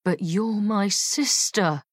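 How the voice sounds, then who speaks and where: A woman voicing a sarcastic, sharp-tongued young woman who needles her brother. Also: high-pitched, very animated, moderate pace, dry recording, studio quality, pitched above the performer's own voice. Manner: sarcastic, muttering through clenched teeth.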